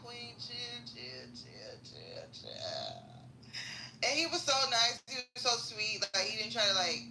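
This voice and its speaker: Woman, very bright tense voice, profane comedic rant, slangy, roomy echo. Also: mid-range voice, slight background noise.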